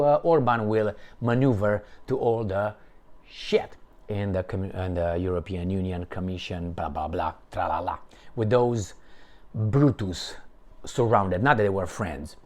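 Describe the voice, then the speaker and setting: Man, solo political commentary, sarcastic, emphatic, very expressive pitch, reads articles aloud. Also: a little slow. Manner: animated and sarcastic, with emphatic swings and mocking asides. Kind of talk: solo commentary, reading and reacting to news articles.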